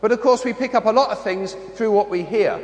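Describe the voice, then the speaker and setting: A priest from London with a London accent, reading the gospel and then preaching in a chatty storytelling way. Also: male voice, sits high, a little fast, reverberant, long reverb tail. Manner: chatty storytelling with voiced impressions.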